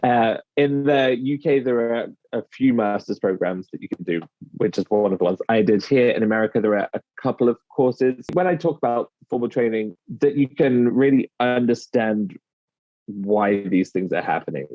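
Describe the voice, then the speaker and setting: This man, a British English-speaking dialect coach from the UK, explains what he does conversationally and performs the phrases he quotes. He has a mellow, fairly low voice at a moderate pace, recorded with no echo but with a slightly dull lo-fi sound.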